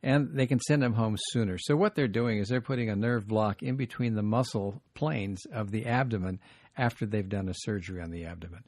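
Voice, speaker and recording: A man, a doctor, hosting a radio health talk show, explaining in a brisk way with asides. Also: on the low side, darkish tone, dry recording.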